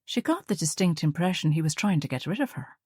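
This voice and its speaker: A woman narrating an audiobook in a steady, measured storytelling manner. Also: low-pitched, breathy edge, no echo, studio quality. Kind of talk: scripted narration.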